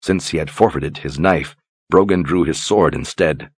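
A man narrating a fantasy audiobook in a measured, dramatic way. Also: a bass voice, breathy edge, no room sound. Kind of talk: scripted narration.

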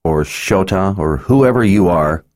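A man's voice: low-pitched, lively intonation, measured pace, a little mellow. A man doing a fierce young woman guard. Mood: angry. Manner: angry, clipped.

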